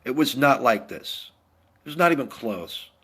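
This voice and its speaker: A man's voice: medium pitch, expressive, normal speed, a bit bright, husky. A middle-aged man from the United States, a Navy veteran, giving a heated, blunt political rant and repeating his points.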